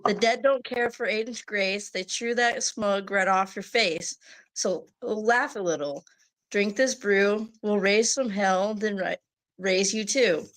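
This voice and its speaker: A woman's voice: mid-range voice, takes it slowly, fairly bright tone, rough recording. A woman playing in a tabletop game, brash and joking. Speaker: player. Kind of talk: casual tabletop play.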